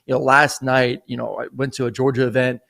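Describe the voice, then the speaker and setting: A man's voice: mid-range voice, little pitch movement, brisk, gravelly, fairly bright tone. A man in his thirties, co-hosting a sports podcast, telling a long story in a loose, rambling way full of fillers. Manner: rambling storyteller, many "you know" and "like" fillers. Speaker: co-host. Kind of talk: casual sports podcast chat.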